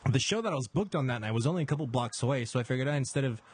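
A man's voice: mid-range voice, expressive, racing, breathy edge, no echo. A man co-hosting a casual comedy podcast, telling a story with sarcastic, joking asides. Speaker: podcast co-host.

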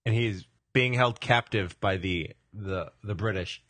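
A man's voice: fairly low pitch, unhurried, a bit bright. A man co-hosting a casual comedic podcast, rambling through stories and swearing freely. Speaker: podcast co-host.

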